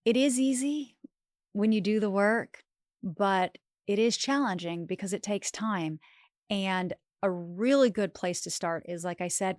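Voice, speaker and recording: An earnest young woman speaking directly to her audience as a wellness coach, her voice warm with encouragement and sometimes close to tears. She sits at a mid-range pitch, and the sound is close and dry, with no room around it. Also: dry recording. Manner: earnest, encouraging, emotional at times. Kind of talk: heartfelt direct-to-camera talk.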